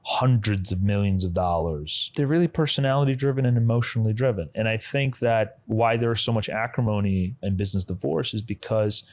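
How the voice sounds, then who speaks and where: A man's voice: fairly low pitch, fairly quick, hardly any pauses, darkish tone. A man speaking as a business lawyer in a panel discussion, posing questions and reframing the issue.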